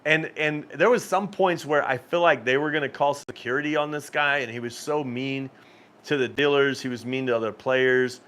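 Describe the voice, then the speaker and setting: Man, middle-pitched voice, casual live-stream chat, rambling storyteller, laughs often. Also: normal speed, fairly bright tone. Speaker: cruise channel host.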